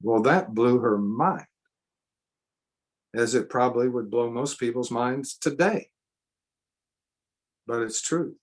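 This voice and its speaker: A man's voice: mid-range voice, slow pace, long pauses. A man teaching a seminar in a sermon style, earnest and emphatic, repeating phrases for stress. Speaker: seminar speaker.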